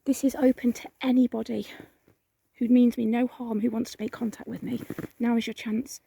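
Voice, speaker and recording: Woman whispering her way through a cemetery at night, gravelly and mellow, faint hiss behind. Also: a little high, little pitch movement, normal speed. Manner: whispering, calling out to spirits. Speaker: vlogger on a ghost hunt. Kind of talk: hushed vlog narration.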